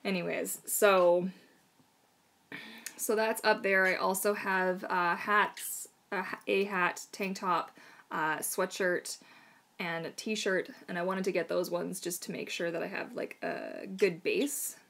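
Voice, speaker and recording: A woman's voice: lowish voice, fairly even intonation, slow, a bit bright. A woman hosting a casual live Q&A stream as a mermaid tail maker, chatty and bubbly, with lots of fillers and frequent laughter.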